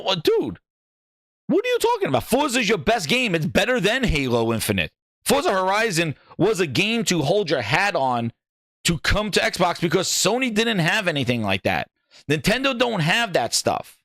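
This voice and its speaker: Exasperated male gaming host, high lively voice, profane rant, dry close sound. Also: dry recording. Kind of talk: ranting commentary.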